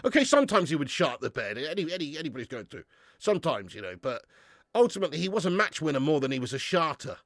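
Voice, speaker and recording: A man hosting a live football watch-along, swearing freely, getting excited and reading out viewer comments. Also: a little high, quick pace, no room sound, studio quality. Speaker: fan channel host.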